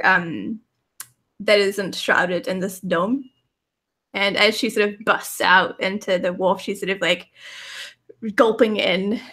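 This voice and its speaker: A woman's voice: medium pitch, sharp tone. A woman narrating her character's scenes in a tabletop role-playing game, casual and rambling. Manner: casual, rambling, many fillers.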